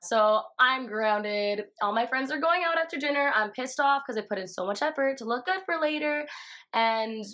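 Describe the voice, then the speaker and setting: A young woman telling a story in a casual, profane way, full of fillers and animated quotes. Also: high-pitched, moderate pace. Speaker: vlogger.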